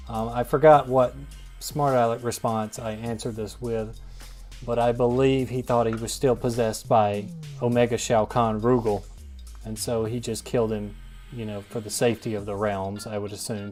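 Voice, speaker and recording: Gaming host, male, mid-pitched, wry and self-mocking, faint music underneath. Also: darkish tone. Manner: wry, self-deprecating, rambling. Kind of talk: casual gameplay commentary.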